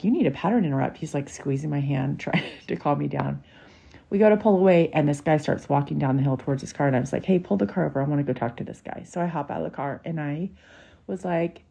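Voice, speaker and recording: A woman's voice: low-pitched, creaky, dark tone, breathy edge. A woman, hosting a podcast and telling a personal story in a candid, emotional, chatty way. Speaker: podcast host. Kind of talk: casual storytelling monologue.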